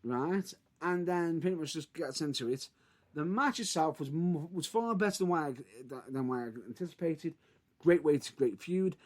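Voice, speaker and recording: A man co-hosting a casual podcast chat, retelling events in an excitable, animated way. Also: a little high, moderate pace. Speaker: podcast co-host.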